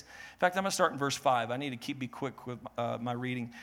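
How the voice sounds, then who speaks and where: A male pastor preaching a sermon, animated, acting out little quotes and joking with the congregation. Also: medium pitch, brisk.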